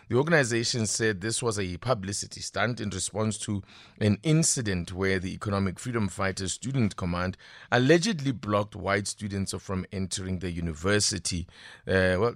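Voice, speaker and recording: A man's voice: sits low, a bit bright, no echo, clean studio sound. South African male radio host. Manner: probing, conversational questioning. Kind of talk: breakfast radio interview.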